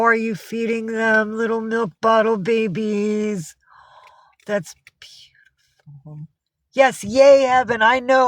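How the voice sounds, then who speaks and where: A woman's voice: on the high side, no room sound. A chatty woman from upstate New York talks casually on a live stream and swears freely. She coos fondly at her cats between answers to viewers' comments. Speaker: livestreamer.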